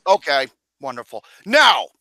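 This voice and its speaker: A man hosting a movie podcast, talking loudly in crude, excitable, joking banter. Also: medium pitch, a little slow, dry recording, low-quality recording. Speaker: podcast host. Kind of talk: casual chat.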